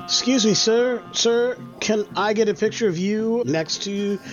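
A man's voice: high voice, measured pace, muffled recording, faint music behind. A man taking part as a player in a tabletop role-playing game.

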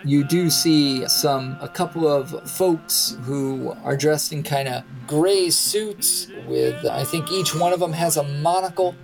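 A man's voice: fairly high pitch, slow pace, few pauses, low-quality recording. A man narrating and running a tabletop role-playing game as game master. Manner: plays several characters with voices. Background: music.

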